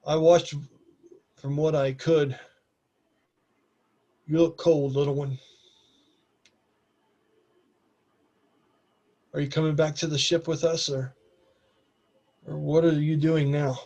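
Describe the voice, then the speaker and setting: A man doing a protective warrior, gentle, slow, measured. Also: a little high, little pitch movement, highs cut off.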